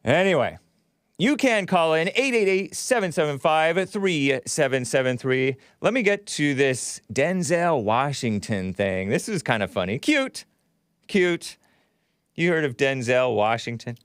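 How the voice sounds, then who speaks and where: Male call-in show host, clear smooth voice, dry close mic, chatty, laughs a lot. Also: medium pitch, lively intonation, moderate pace, no room sound. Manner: chatty, laughs often, reads listener comments aloud. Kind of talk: casual talk-show monologue.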